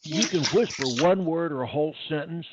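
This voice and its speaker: A man coaching a family on stuttering, patiently talking and showing different voices, loud to soft. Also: brisk. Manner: patient, demonstrates voice changes, lively swings in pitch. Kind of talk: coaching lesson with demonstrations. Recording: dull lo-fi sound with loud hiss.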